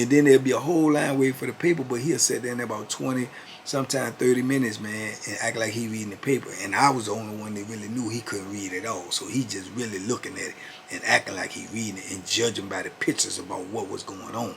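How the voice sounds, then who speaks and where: A man's voice: on the low side, fast, gravelly, slight background noise. A man in his fifties telling a story in a laid-back, conversational way, full of "you know what I'm saying". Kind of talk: casual storytelling.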